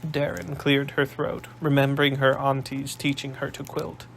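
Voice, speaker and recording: A man narrating an audiobook in a measured storytelling manner. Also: mid-range voice, monotone, creaky, fairly bright tone, a little hiss or hum, poor audio.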